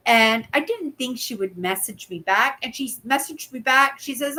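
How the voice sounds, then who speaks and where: A woman's voice: sits high, moderate pace, pushed and bright, poor audio. A woman, chatting casually as a channel host and telling stories with a running "right?". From Canada. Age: 60s. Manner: chatty storyteller, keeps asking "right?"; acts out voices in quoted dialogue. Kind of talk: casual live chat.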